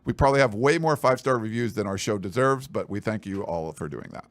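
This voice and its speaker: A man's voice: on the low side, lively intonation, fast, no room sound. Guy hosting a college football podcast, rambly, jokey, dry sound. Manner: joking, rambling, teasing his co-host. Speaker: podcast co-host. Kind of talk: casual chat with sponsor reads.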